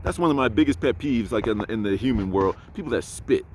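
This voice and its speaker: A self-assured man speaks bluntly and preachily in a casual monologue, with his pitch sitting in a middle register. He is recorded outdoors in an urban spot, and a faint hum of outdoor noise runs underneath his voice. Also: animated, fast. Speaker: spiritual vlogger.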